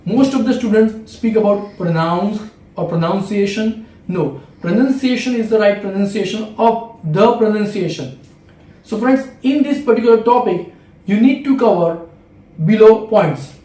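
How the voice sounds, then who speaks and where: A man's voice: high voice, lively intonation, moderate pace, mellow, reverberant, recorded from a distance, poor audio. A man with an Indian English accent giving a step-by-step video lesson as an English exam tutor, repeating key phrases.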